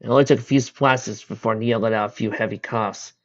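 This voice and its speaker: A man's voice: fairly low pitch, fairly even intonation, fairly quick. A man reading fan fiction aloud in a plain manner, with some slips. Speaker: audiobook reader. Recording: dull lo-fi recording.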